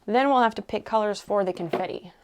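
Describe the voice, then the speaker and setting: A woman's voice: medium pitch, a little fast, heavy background noise. A woman streaming live while she crafts, musing aloud as she works and answering her viewers' chat in a casual way.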